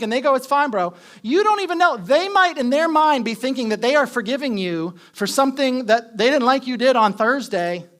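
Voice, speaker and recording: A man's voice: high-pitched, fairly bright tone. A man preaching a sermon as pastor, talking conversationally, asking the congregation questions and repeating his key points.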